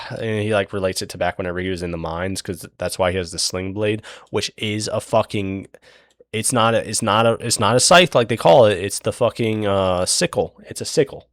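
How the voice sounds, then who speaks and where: A man's voice: lowish voice, normal speed, no echo, studio quality. A young man retelling a book's plot in a rambling, profane, casual way, full of fillers. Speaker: book recap host.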